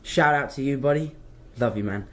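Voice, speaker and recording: A man's voice: mid-range voice, normal speed, noisy background. A young man with an English accent, from London, answering fan questions in a casual live Q&A and rambling off track as he chats. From London, England. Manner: rambling, chatty, wanders off track.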